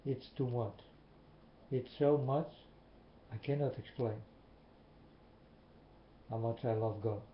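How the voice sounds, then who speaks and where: A man from the Netherlands with a medium-pitched voice delivers a slow, earnest monologue to viewers, asking questions repetitively. The audio is muffled, with an echoey room and faint hiss.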